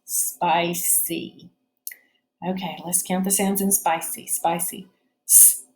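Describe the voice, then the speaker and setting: A woman's voice: fairly low pitch, level tone, measured pace, a little mellow, reverberant. A woman teaching a phonics spelling lesson, explaining each step patiently.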